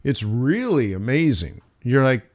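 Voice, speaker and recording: A man's voice: mid-range voice, big pitch swings, a little slow, a little mellow. A man hosting a live trading stream, chatting casually and rambling through a travel anecdote with plenty of restarts and laughs. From United States. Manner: chatty, many restarts, laughs while telling stories. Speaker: livestream host, forex trader. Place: home studio during live stream.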